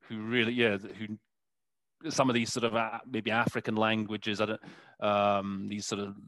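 Interpreter guest, male, lowish voice, hesitant and full of fillers, dry close sound. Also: little pitch movement, a bit bright, no echo. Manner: halting, searching for words with many fillers. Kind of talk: conversational interview.

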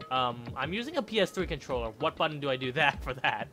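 A man's voice: mid-range voice, fairly quick, sharp tone. A man giving casual gameplay commentary, thinking aloud and chuckling as he plays. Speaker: let's player. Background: game music.

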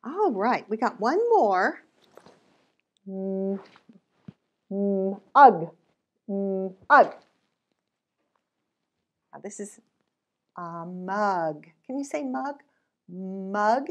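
A woman hosting a library storytime for preschoolers, talking in an animated sing-song that often drops into whispers. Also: mid-range voice, unhurried, pauses often. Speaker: children's storytime host.

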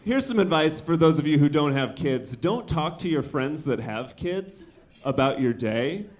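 Male comic, 30s, slightly raised pitch, conversational club set with handheld mic and brief acted voices. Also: lively intonation. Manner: conversational, acts out quick voices for friends and his son. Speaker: stand-up comedian. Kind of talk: stand-up comedy set. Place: comedy club stage.

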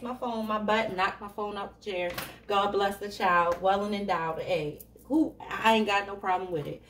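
This is a woman giving tarot readings to her viewers, chatting casually, laughing often, and talking to them directly in a mid-range voice. There's slight background noise, the room is echoey, and her voice sounds a little distant from the microphone.

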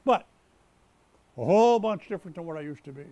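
Older male pastor, high and animated, dry close sound, sermon delivery with restarts. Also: fairly quick, pauses often, dry recording. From United States. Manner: preaching with rising emphasis and repeated words; stumbles and restarts mid-sentence. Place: rescue mission chapel.

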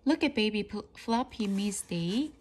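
A woman's voice: medium pitch, lively intonation, a little slow, darkish tone, a little hiss or hum, natural voice. A woman doing a cooing, doting schoolgirl. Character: sweet, fussing schoolgirl. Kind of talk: storybook read-aloud.

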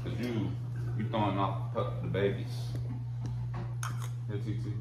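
A man's voice: fairly low pitch, steady tone, a little slow. A young man hosting a casual home vlog, playfully coaxing kids and dogs and laughing often. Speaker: vlogger. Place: home kitchen. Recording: noisy home recording.

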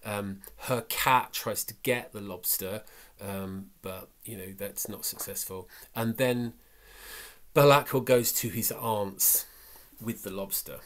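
A man giving a casual, reflective talk about a short story, halting often with fillers. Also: fairly low pitch, fairly bright tone. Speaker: book vlogger. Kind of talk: casual book talk and reading.

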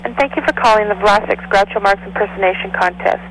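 A recorded voice reading an automated phone entry message. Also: female voice, medium pitch, fast, very noisy.

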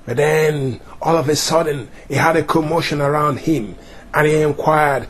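A man's voice: on the high side, normal speed. A male preacher giving an emphatic sermon with dramatic storytelling.

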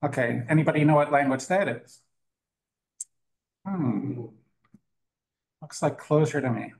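A man's voice: on the high side, unhurried, vocal fry, poor audio. A man giving a casual, joking live talk at a meetup, with plenty of fillers and restarts. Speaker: conference speaker. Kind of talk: live tech talk with demo. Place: meetup room with audience.

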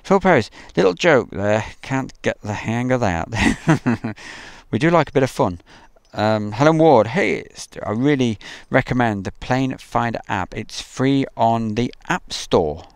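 A man hosting an outdoor live stream by an airfield, chatting casually and reading out viewer comments, joking and pausing with frequent ums. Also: medium pitch, lively intonation, gravelly, clean tone, no room sound. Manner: chatty, jokey, halting with many ums.

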